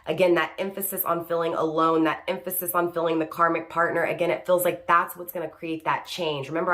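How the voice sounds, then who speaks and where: A woman's voice: fairly low pitch, fairly bright tone. A woman giving an online tarot reading, speaking to the viewer by star sign and tagging "right?" onto her points as she restates them. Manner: repeats "right?" and rephrases each point. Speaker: tarot reader.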